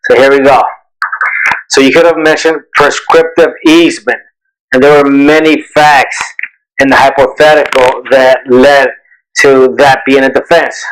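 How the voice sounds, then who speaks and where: Brief: male tutor, mid-pitched, explanatory lesson delivery. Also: fairly even intonation, moderate pace, fairly bright tone, poor audio. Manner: explanatory, asks and answers his own questions. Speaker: bar exam tutor. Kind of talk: recorded exam review lesson.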